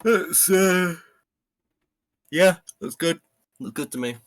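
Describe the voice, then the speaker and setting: A man's voice: sits high, slow pace. A man co-hosting a game stream, chatting casually and teasing his friend. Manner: teasing, playful. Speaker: stream co-host. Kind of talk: casual live-stream chat.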